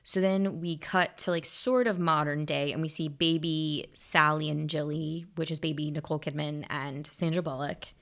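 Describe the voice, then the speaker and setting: Brief: podcast co-host, woman, low voice with gravelly fry, casual and joking. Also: fairly even intonation, normal speed, few pauses, a bit bright. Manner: chatty, jokey, laughs often. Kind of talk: casual chat.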